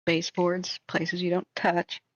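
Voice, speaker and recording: A woman's voice: fairly low pitch, completely flat delivery, measured pace, dry recording, muffled recording. A woman chatting casually on a live stream, talking emphatically and repeating words as she starts sentences, with a slightly sore voice. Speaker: wildfire-tracking live streamer. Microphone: home streaming setup.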